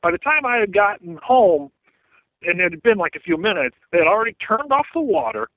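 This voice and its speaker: A man's voice: high-pitched, animated, a little fast, no room sound, narrow, tinny audio. A man from Texas calling in by phone from outside his home as a comedy correspondent, rambling and joking in a mock-aggrieved way. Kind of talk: casual phone chat. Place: outdoors at home. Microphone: phone call.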